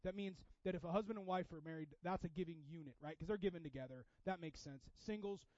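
A man preaching a sermon in a casual, animated way, with sudden loud bursts. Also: on the high side, fast talker, no echo, muffled recording. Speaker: pastor.

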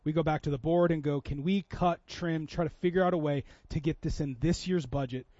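High-voiced pastor preaching. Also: male voice, steady tone, fairly quick, warm tone, no room sound, muffled recording. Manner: conversational, builds to impassioned preaching. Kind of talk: sermon storytelling. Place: church.

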